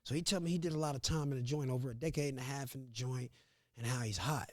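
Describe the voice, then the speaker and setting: A man from Missouri, a podcast guest, telling a story in a casual, animated, profane way and acting out what others said. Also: mid-range voice, fast talker, no room sound, clean studio sound. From Grandview, Missouri. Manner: animated, profane, laughs often, acts out quotes.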